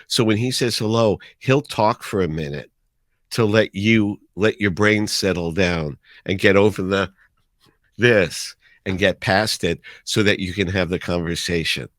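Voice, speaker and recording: A man in his sixties, a radio DJ as a guest, telling animated anecdotes in casual conversation. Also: low-pitched, a little slow, no room sound, studio quality. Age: 60s. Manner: animated anecdotes with acted-out quotes. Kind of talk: casual storytelling.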